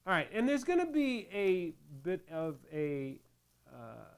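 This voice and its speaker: A man's voice: high voice, huge pitch swings, slow pace, vocal fry, smooth. A middle-aged man hosting a crafting tutorial, chatting casually and rambling into jokes while he works with his hands. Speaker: crafting channel host.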